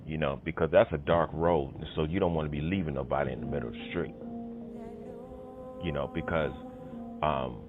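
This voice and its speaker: A man's voice: a bass voice, normal speed, pauses often. A man telling a personal story in casual conversation, rambling with many fillers and punchy sound effects. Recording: tinny phone-line audio with music behind.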